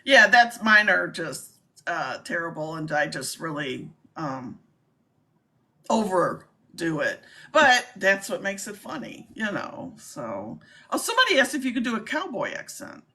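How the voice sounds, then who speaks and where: A woman's voice: lowish voice, sing-song, a little slow, sharp tone. A woman hosting a casual livestream chat, talking in a chatty way and laughing easily. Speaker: livestream host.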